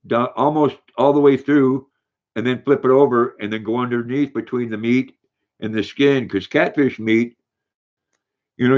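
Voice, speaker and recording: A man's voice: mid-range voice, highs cut off. Older man chatting on a livestream. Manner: reads viewer comments aloud, coos baby talk to his dog. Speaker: livestream host. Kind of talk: casual livestream chat.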